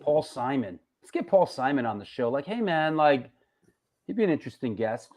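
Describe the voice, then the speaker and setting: A man from New York hosting a live show, chatting casually, joking and giving shout-outs to viewers. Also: mid-range voice, big pitch swings, fairly quick. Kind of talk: casual live-stream chat reading viewer comments.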